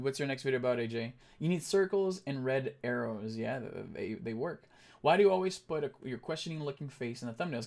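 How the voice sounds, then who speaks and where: Casual, rambling male live streamer. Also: mid-range voice. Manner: thinks aloud, reads chat and answers it; halting, many fillers and restarts.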